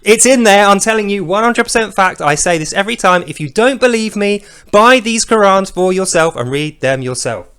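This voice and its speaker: A man giving sarcastic, mocking commentary to camera as a video commentator, breaking into loud comic voices for the quotes he acts out. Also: sits high, lively intonation, normal speed, few pauses, clear, resonant tone.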